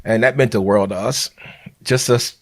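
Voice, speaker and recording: A man's voice: on the low side, fairly even intonation, moderate pace. A man, a biomed manager and podcast host, giving earnest, heartfelt advice in a casual podcast chat.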